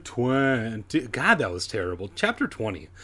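A man with a slightly husky voice reads a spooky children's book for laughs. His pitch rises and falls a lot, and he keeps cutting in with sarcastic remarks. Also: very animated, normal speed, fairly bright tone. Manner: sarcastic asides breaking the narration. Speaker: podcast host reading a kids' horror book aloud. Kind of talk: comedic read-aloud with commentary.

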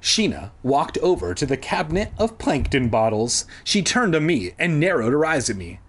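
A man reads a children's story aloud and drops sarcastic asides between the lines. His voice is slightly husky and a touch high. His pitch moves in a lively way. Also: normal speed. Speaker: narrator. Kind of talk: mocking story reading.

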